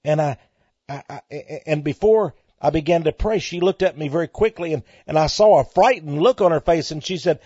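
A man with a Texan accent preaching a fervent sermon, swelling loud on key words and repeating himself. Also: fairly high pitch, fairly quick, husky, no room sound. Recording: dry, muffled lo-fi recording.

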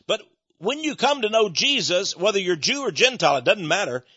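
A man's voice: sits high, very animated, fairly quick, sharp tone, husky, no echo, highs cut off. A man hosting a radio ministry, making a folksy, earnest appeal for donations and then teaching from the Bible, with frequent restarts. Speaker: ministry leader and program host.

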